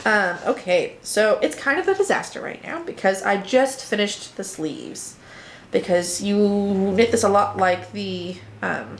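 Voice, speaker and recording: Speaking at a medium pitch and a measured pace, this woman hosts a podcast about knitting and spinning. Over faint background noise, she shows off her projects to viewers in a playful, easygoing show-and-tell chat.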